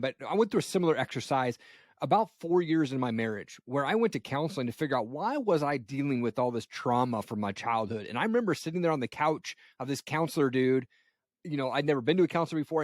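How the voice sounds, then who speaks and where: A man's voice: medium pitch, no room sound, clean studio sound. A man in his forties hosting a podcast, talking in a laid-back, reflective way and often saying "man.". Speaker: podcast host. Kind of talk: casual conversation.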